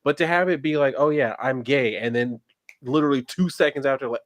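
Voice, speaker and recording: A man's voice: medium pitch, brisk. A man co-hosting a casual pop culture chat, heated and ranting, swearing freely. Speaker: podcast co-host.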